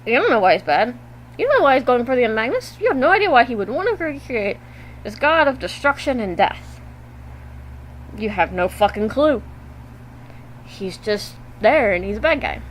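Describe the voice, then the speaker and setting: A woman vlogging to her webcam at home, recapping a video game in a loose, animated way and swearing freely. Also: a little high, moderate pace, pauses often, slight background noise, rough recording. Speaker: gaming vlogger. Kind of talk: casual game recap to camera.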